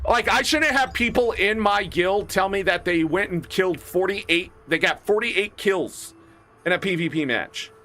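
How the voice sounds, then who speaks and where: High, bright-voiced man ranting about gaming. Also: measured pace. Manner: profane, animated ranting with mock voices. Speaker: streamer. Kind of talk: casual gaming rant.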